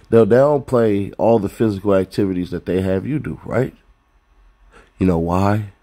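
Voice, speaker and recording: A man's voice: low-pitched, warm tone. A man hosting a commentary rant, blunt and profane, lecturing viewers with rhetorical questions. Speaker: commentary host.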